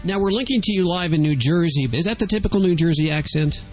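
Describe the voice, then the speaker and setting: A man hosting a radio show, introducing guests in a smooth, announcer-like way. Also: on the high side, fast talker. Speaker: radio host. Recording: radio show with music behind.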